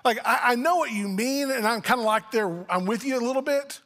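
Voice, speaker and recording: A man's voice: very high voice, fairly quick, fairly bright tone, big-room sound. A man preaching a sermon as pastor, talking in a conversational way and acting out little family dialogues. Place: church sanctuary.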